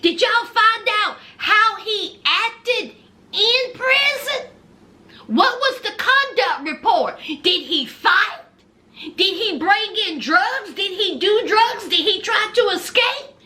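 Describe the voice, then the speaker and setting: A woman's voice: very high-pitched, lively intonation, slow pace, bright, forceful tone, voice pushed up, exaggerated voice. A woman doing an incredulous church lady. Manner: probing, incredulous questions. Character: skeptical woman churchgoer grilling a couple.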